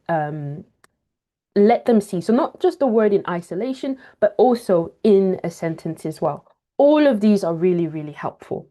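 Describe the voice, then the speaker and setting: A woman speaking over a video call as she leads a teaching webinar. She sounds upbeat and walks through each step with clear examples. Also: mid-range voice, mellow. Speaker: teacher trainer. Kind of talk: webinar presentation.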